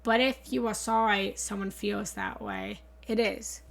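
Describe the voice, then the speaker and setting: A woman's voice: medium pitch, unhurried, gravelly, fairly bright tone. A woman hosting a live meditation talk, chatting earnestly with viewers as she reads their comments, recorded on a studio mic at home. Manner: earnest, chatty, often repeats herself and thanks viewers. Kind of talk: casual live-stream talk, reading and answering comments. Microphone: studio mic through a small soundboard.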